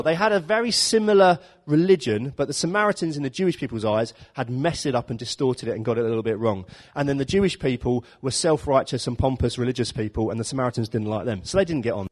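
A man's voice: medium pitch, fast, hardly any pauses. Chatty man preaching. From London. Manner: chatty, jokey storytelling with acted-out voices. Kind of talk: informal sermon.

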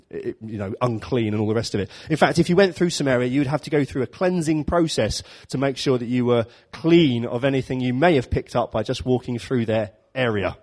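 A man's voice: mid-range voice, a little mellow. Chatty man preaching. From London. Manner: chatty, jokey storytelling with acted-out voices. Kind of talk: informal sermon.

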